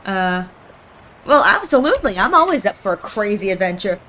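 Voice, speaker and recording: A woman's voice: mid-range voice, big pitch swings, moderate pace, bright, forceful tone, slight background noise. A young adult woman streamer reading game text aloud and reacting in a playful way.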